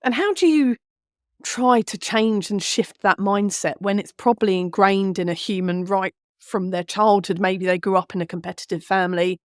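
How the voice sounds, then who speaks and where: Host: woman, mid-pitched, probing questions, dry recording. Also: normal speed, dry recording. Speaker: podcast host. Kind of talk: interview questions.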